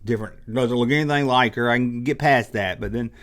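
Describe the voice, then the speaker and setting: A man's voice: mid-range voice, fairly quick, a bit bright. A man hosting his own channel, giving an exasperated, sarcastic rant in a commentary vlog. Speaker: channel host.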